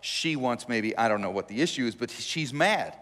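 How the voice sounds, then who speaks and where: A man preaching as a pastor, telling the story in a joking, animated, conversational way. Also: medium pitch, moderate pace, big-room sound. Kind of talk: conversational sermon. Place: church sanctuary.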